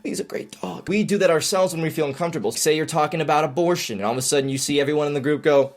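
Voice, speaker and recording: A man's voice: fairly high pitch, very fast. A man in his twenties giving advice in a comedic vlog, full of playful, self-mocking asides.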